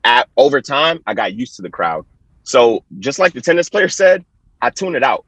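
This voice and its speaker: Husky-voiced American man, lively storyteller. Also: mid-range voice, moderate pace, dry recording, rough recording. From Haiti. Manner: chatty storytelling with frequent laughs and restarts. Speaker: Olympic hurdler, guest. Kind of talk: casual podcast interview.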